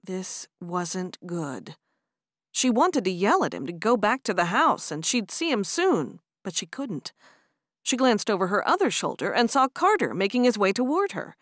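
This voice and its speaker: Expressive woman narrating an audiobook. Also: medium pitch, normal speed, no room sound, clean studio sound. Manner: expressive storytelling. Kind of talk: scripted narration.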